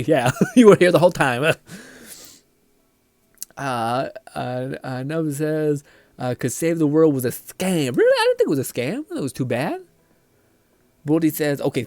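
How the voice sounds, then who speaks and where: A man's voice: fairly high pitch, dry recording. A young man streaming live, chatting casually, reading chat aloud, laughing often and swearing freely.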